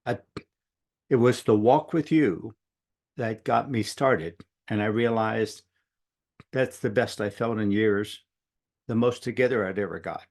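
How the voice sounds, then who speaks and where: A man's voice: lowish voice, unhurried, pauses often, darkish tone. A middle-aged man telling a long personal story in a casual, rambling way, often quoting what others said. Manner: rambling, conversational, quotes others at length. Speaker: speaker sharing a personal story.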